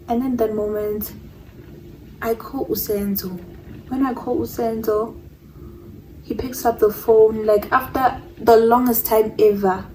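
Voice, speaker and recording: A woman's voice: fairly high pitch, a little mellow, recorded from a distance, a little hiss or hum, low-quality recording. A young woman telling a personal story in a casual storytime, rambling, repeating herself and stumbling over words. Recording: voice a bit off-mic.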